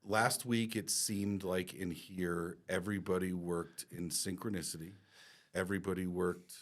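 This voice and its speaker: Deep-voiced man, candid and casual. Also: fairly even intonation, measured pace. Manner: candid, casual, swears freely, repeats words. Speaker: podcast co-host and company team member. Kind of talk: casual business podcast chat.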